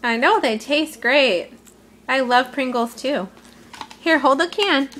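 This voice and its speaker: High, bright coaxing baby talk from a woman. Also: slow. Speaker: parent filming a toddler. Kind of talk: home video baby talk.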